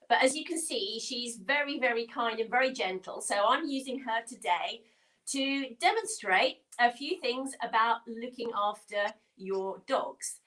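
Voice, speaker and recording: A woman's voice: fairly high pitch, measured pace, fairly bright tone, poor audio. A British woman, a guest who keeps dogs, explaining plainly and a little hesitantly to schoolchildren. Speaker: guest dog keeper.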